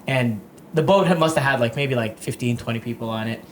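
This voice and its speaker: A man's voice: medium pitch, brisk, slight background noise. A young man hosting a podcast, telling rambling stories in casual chat and laughing often. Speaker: podcast host.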